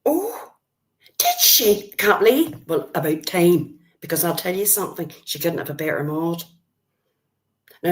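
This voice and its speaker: Older irish woman on a live stream, deep voice, feisty and blunt, talks straight to chat. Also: darkish tone. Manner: blunt, feisty, addresses chatters by name. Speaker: livestream host.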